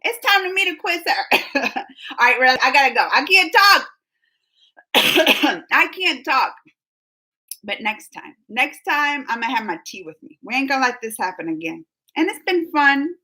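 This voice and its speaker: Bright high-voiced woman, coughing. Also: big pitch swings, normal speed. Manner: chatty, laughs often, talks to viewers by name. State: coughing, throat catching. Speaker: livestream host. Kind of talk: casual chat reading viewer comments.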